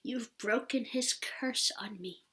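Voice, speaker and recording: Hoarse old captive woman, breathy tearful whisper, higher than the reader's own voice, done by a woman. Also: slow, fairly bright tone. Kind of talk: storybook audiobook reading.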